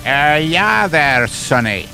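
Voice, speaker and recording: A man's voice: on the high side, big pitch swings, slow, gravelly, bright, forceful tone, soft background music, pitched above the performer's own voice, heavily acted. A man putting on an old-timey nineteen-thirties movie cop in an improvised comedy sketch, calling people sonny boy. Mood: needling.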